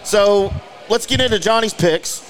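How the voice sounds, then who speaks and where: A man's voice: high voice, a little slow. A man hosting a podcast, chatting casually and joking at his own expense. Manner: joking, self-mocking storyteller. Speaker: podcast host. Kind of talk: casual chat.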